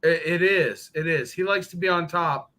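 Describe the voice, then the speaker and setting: A man with a high, very bright and piercing voice who chats casually on a live stream. He swears freely and tells joking stories with a lot of energy. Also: normal speed, low-quality recording. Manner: profane, joking storyteller. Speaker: guest on a motorcycle live stream.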